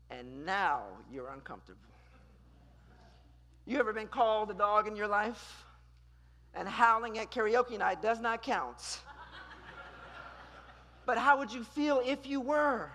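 Husky-voiced dramatic preacher in a reverberant hall. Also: medium pitch, animated, unhurried, long pauses. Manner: dramatic, with rhetorical questions and sharp swings between loud and hushed. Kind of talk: sermon. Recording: long reverb in a large hall.

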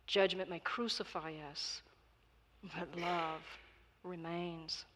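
A woman preacher giving a sermon in a measured, emphatic style. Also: lowish voice, flat delivery, noisy background. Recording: long reverb of a large hall.

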